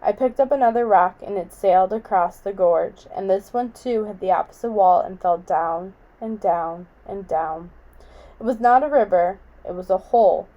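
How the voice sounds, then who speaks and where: A woman reading a novel aloud in a quiet, measured way. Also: mid-range voice, dull audio. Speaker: audiobook reader.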